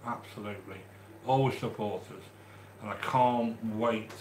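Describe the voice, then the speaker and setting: A man from the English Midlands with a Midlands accent, hosting a live stream and chatting warmly with viewers as he reads their comments, with frequent restarts. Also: lowish voice, fairly even intonation, measured pace, roomy sound, a little hiss or hum. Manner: chatty and affectionate, with many restarts. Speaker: livestream host reading chat. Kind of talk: casual live-stream chat.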